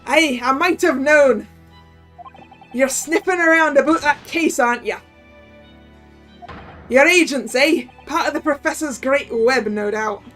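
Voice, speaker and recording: A gruff Scottish prison governor snaps and blusters at unwelcome visitors, loud and hostile, as a woman reads the part. His voice sits high and carries over a faint bed of game music. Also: unhurried, long pauses. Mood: angry, threatening. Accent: put-on Scottish. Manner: blustering, suspicious, threatening.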